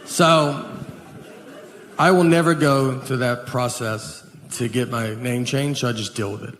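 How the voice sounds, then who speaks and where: Deadpan man telling stand-up stories. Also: medium pitch, measured pace, noisy background. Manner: deadpan, self-deprecating storytelling. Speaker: stand-up comedian. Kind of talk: stand-up comedy set. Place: theater stage before an audience. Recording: echoey hall, live audience laughter.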